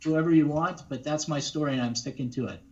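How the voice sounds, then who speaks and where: Voice actor guest, a man, eager and chatty, slightly high voice, lo-fi. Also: quick pace. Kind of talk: casual interview chat. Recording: dull lo-fi sound.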